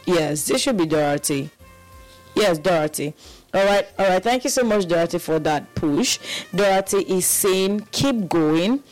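A woman's voice: lowish voice, normal speed, soft background music, rough recording. A Nigerian woman co-hosting a radio show, chatting casually and slipping into Pidgin. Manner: relaxed, Pidgin-sprinkled banter. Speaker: radio co-host.

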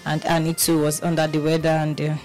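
A young Nigerian woman co-hosting a radio show, telling stories in animated casual chat with many restarts, her voice a bit off from feeling unwell. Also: low voice, fairly quick, soft background music, rough recording. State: under the weather, voice affected. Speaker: radio co-host.

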